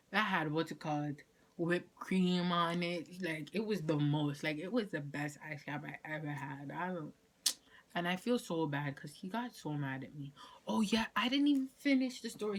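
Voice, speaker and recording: A young woman telling a casual storytime vlog, acting out quoted lines with whispers and laughter. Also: lowish voice. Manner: animated, acts out quotes, frequent laughs and whispers. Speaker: vlogger.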